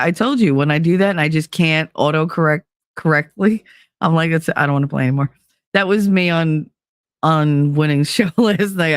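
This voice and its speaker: A woman's voice: lowish voice, no room sound, studio quality. A woman casually chatting with her livestream chat, bubbly and teasing, laughing a lot and tired from little sleep. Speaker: livestream host reading chat.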